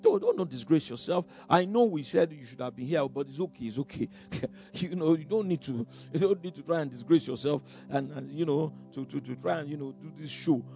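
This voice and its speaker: Gravelly preacher with lively pitch. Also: male voice, brisk, hardly any pauses, faint music behind. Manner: dramatic, sudden loud bursts, chuckles between phrases, stumbles and repeats words. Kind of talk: sermon.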